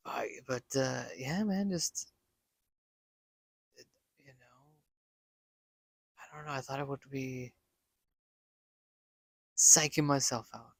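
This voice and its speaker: A man with a gravelly, fry-laced voice tells a personal story in a loose, rambling way. He leans on fillers and restarts, and sinks almost to a whisper when he quotes his own worries. The recording is dry and close, with no room sound. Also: mid-range voice, slow pace, long pauses, no echo. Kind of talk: casual spoken story. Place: Las Vegas.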